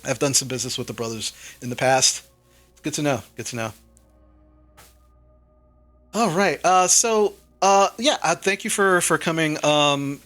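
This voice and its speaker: A man's voice: a little high, a bit bright. A man voicing a blunt, businesslike retired older man who rambles with many fillers.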